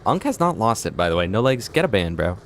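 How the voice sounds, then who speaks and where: Young guy streaming games, lowish voice but super animated, goofy rambling. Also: fast talker, a little hiss or hum. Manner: joking, rambling, breaks into silly voices. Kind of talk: live gameplay chat.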